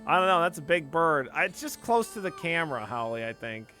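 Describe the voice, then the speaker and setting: A man chatting through a game on a stream, joking and swearing as he reads the text aloud. His voice sits a little high and sounds bright and forceful. Faint music plays behind him. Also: very animated, brisk. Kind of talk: casual gaming commentary.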